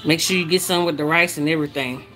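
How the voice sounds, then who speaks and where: Faint music sits behind this woman's low, quick voice as she hosts a cooking livestream. Lively and teasing, she chats casually and reads out what viewers comment.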